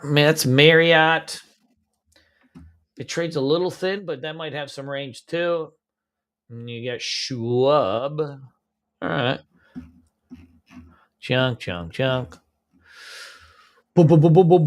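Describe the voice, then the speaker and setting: A man's voice: fairly high pitch, a bit bright, smooth. A man hosting a live pre-market trading stream, casual and slangy, humming filler beats as he scrolls through charts.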